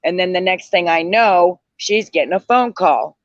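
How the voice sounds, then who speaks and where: High-voiced tired man telling gossip. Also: moderate pace, no room sound. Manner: rambling, circles back, retells quotes. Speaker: livestream panel guest. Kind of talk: casual gossip storytelling. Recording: dull lo-fi dry audio.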